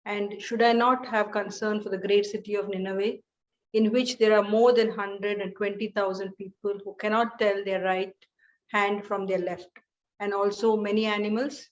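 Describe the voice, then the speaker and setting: A woman in a Bible study group reading a scripture passage aloud in a steady, careful way. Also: mid-range voice, moderate pace. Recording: dull, heard from away from the mic.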